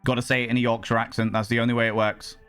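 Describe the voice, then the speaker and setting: A man live-streaming and chatting to his viewers, loud, brash and theatrical, swearing freely. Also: mid-range voice, flat delivery, very fast, clean tone, soft background music.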